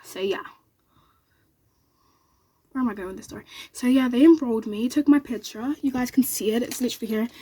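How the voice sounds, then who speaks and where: Speaking straight to the camera, a young woman vlogger recounts a story very fast and excitedly, acting out the other people's lines as she goes. Her voice is slightly high with a husky edge.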